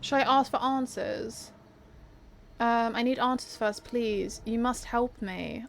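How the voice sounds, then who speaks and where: Casting: woman gamer, higher voice, casual running commentary, unsure, sympathetic, faint noise behind. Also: takes it slowly, gravelly. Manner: thinks aloud, sympathetic, hesitant. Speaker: gamer playing through a story game. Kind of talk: casual let's-play commentary.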